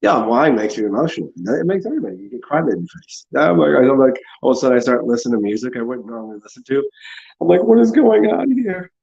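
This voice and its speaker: A man's voice: animated, racing, vocal fry, few pauses, darkish tone, muffled recording. A man hosting a casual livestream, rambling sarcastically and swearing as he mocks others. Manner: sarcastic, mocks people in high put-on voices, swears. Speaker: livestream host.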